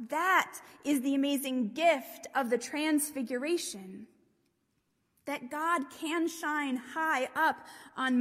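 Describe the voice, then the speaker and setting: Slow, high-voiced woman preaching in a hall. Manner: slow, gentle storytelling with hushed passages. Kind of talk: sermon. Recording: long reverb of a large hall.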